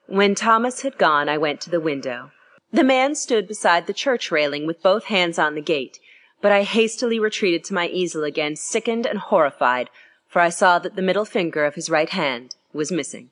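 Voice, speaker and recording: A woman narrating a classic story in an expressive reading style. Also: fairly low pitch, moderate pace. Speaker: audiobook reader.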